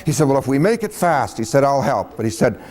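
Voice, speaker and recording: A man's voice: medium pitch, very animated, fast, a little mellow, slight background noise. A man telling a personal story in a folksy, casual way, chuckling and acting out the dialogue as he goes.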